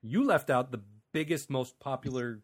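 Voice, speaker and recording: A man's voice: medium pitch, normal speed, slightly rough. An American man hosting a podcast, chatting casually and animatedly, laughing often and swearing freely. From United States. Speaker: podcast host.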